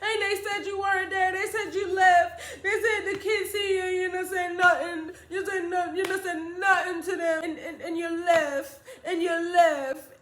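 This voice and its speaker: A woman's voice: moderate pace, hardly any pauses, fairly bright tone. A woman voicing a tearful, frantic mother who scolds through her tears and repeats herself. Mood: tearful relief. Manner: high-pitched, sobbing, repeating herself. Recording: roomy echo.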